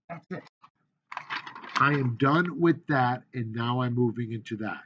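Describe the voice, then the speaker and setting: Man, speech teacher, jokey classroom lecture, mid-pitched voice, muffled lo-fi sound. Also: unhurried, slight background noise. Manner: animated, chatty, jokey asides.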